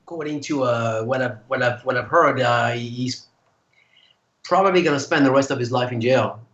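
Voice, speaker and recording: A man, a guest singer, telling animated stories in casual chat and acting out the voices of people he quotes. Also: mid-range voice, moderate pace, reverberant, muffled recording. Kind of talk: casual storytelling.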